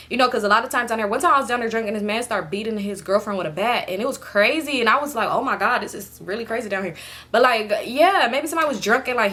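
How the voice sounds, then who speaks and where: A young woman vlogger telling a casual storytime, chatty and animated, swearing freely and laughing often. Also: a little high.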